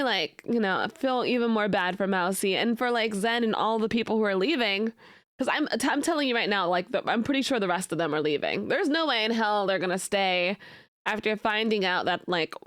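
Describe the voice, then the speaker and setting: A woman's voice: on the high side, no room sound, studio quality. A young woman streaming, chatting casually with her viewers in a playful way and often slipping into mock outrage. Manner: many fillers and restarts. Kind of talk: casual chat reacting to live chat.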